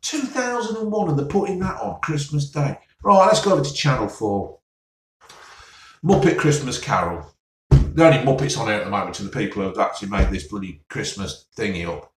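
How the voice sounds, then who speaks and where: Sarcastic man, mid-pitched, a grumbler with a sigh, recorded off-mic in an echoey room. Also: sing-song, brisk. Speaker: vlogger reviewing TV listings. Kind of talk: casual solo rant. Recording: roomy, mic at a distance.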